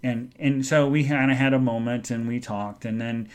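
A middle-aged man tells a personal story on his podcast, rambling through restarts and trailing phrases. His voice sits at an ordinary middle pitch and often drops soft and subdued with emotion. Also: steady tone, clean tone. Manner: rambling, halting, full of restarts. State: emotional, subdued when speaking of his mother. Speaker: podcast host.

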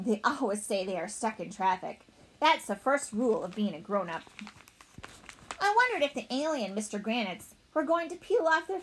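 Woman reading a kids chapter book, playful and goofy, high bouncy voice. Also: slightly rough, poor audio. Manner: playful, animated, voicing a young boy narrator. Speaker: audiobook narrator. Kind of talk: children's storybook narration.

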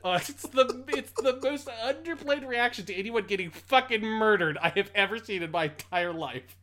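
Animated sweary podcast guy. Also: extremely high pitch, moderate pace. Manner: animated, sweary, laughing storytelling. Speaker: podcast co-host. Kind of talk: casual chat.

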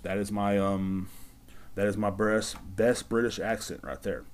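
A man's voice: mid-range voice, unhurried, darkish tone. A man hosting his own podcast, ranting in a rambling, sarcastic, profane way. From United States. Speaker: podcast host. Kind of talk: casual solo podcast rant.

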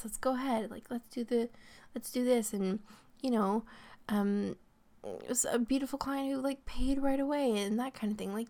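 A woman's voice: mid-range voice, gravelly. A woman hosting her own podcast, talking casually, laughing often and saying "like" a lot. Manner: chatty, laughs often, peppers speech with "like". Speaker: podcast host. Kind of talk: casual solo podcast talk.

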